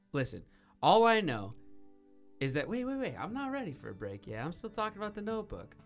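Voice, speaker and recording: Animated, playful male show host. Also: high-pitched, moderate pace, soft background music. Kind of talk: casual studio chat.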